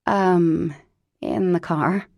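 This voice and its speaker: A woman's voice: lowish voice, extremely slow, creaky, a little mellow, dry recording, studio quality, heavily acted. A woman narrating an audiobook, voicing a weary heroine who answers hesitantly and politely, with fillers. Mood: awkward.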